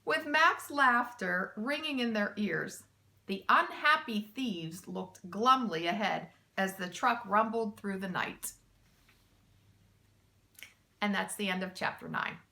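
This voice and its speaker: A teacher reading a children's chapter book aloud, with slow, expressive storytelling. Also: female voice, medium pitch, gravelly.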